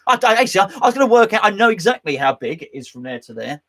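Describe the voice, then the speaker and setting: A man's voice: high voice, very animated, racing, fairly bright tone. A man hosting a casual live stream from his home man cave, rambling and joking as he reads out chat comments. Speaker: host.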